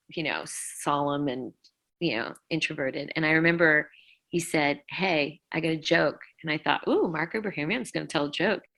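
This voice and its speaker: A middle-aged woman with a low voice tells a painful story as an interview guest. Her tone is bright and forceful, and she acts out each quoted line with lots of "like"s as she goes. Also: low-quality recording. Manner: vivid retelling, acting out quotes, many "like"s. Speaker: rock vocalist, interview guest.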